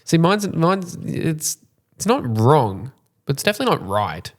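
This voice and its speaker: A young man co-hosting a casual podcast, dry and teasing, who jumps into higher voices when he quotes people. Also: very animated, moderate pace. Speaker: podcast co-host. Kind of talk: casual chat.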